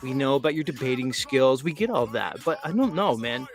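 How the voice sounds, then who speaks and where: A man's voice: mid-range voice, brisk, soft background music. A man hosting a show, talking casually in a mocking, rambling way. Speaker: host. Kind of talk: casual livestream talk.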